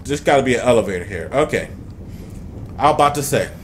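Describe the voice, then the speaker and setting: A man's voice: mid-range voice, animated, fast, a bit bright, a little hiss or hum. A young man commentating a game he is playing, talking to the game and his viewers and swearing a lot. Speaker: gaming YouTuber. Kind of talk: let's play commentary.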